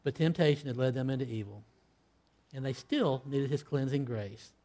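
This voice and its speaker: A man preaching a sermon, acting out scripture dialogue, with loud emphatic peaks that fall to hushed, low line endings. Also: moderate pace. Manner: acts out quoted lines in old-fashioned scripture wording.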